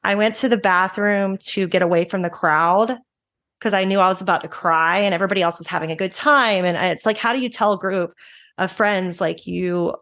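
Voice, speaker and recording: A woman in her thirties, a recovery advocate, telling her story frankly and emotionally in quick bursts with restarts. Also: medium pitch, a bit bright. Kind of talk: candid personal storytelling.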